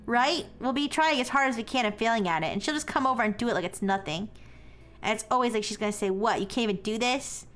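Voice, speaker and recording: A woman's voice: a little high, expressive, fast, fairly bright tone, faint music behind. A woman voicing gossiping teenage schoolgirls who complain in a catty, whiny way while reading game dialogue aloud. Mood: resentful.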